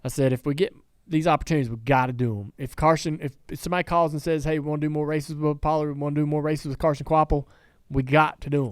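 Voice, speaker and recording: A man's voice: a little high, fairly even intonation, fast, few pauses, smooth, no room sound. A man hosting a casual studio talk show, telling rambling stories with many restarts. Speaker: podcast host and team owner. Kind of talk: casual chat.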